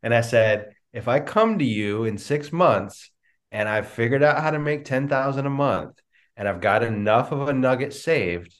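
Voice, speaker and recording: A middle-aged man, a business coach, answering interview questions with lively storytelling and acted-out dialogue over a video call. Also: medium pitch, moderate pace. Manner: animated storyteller, acts out quoted dialogue. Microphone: remote video call.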